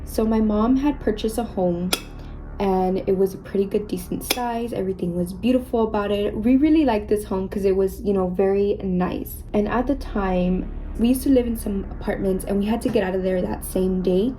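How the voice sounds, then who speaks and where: A woman's voice: mid-range voice, moderate pace, warm tone, soft background music, poor audio. A young woman vlogger chatting casually about her own experiences while doing her makeup, constantly saying "you guys" and "like.". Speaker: beauty vlogger.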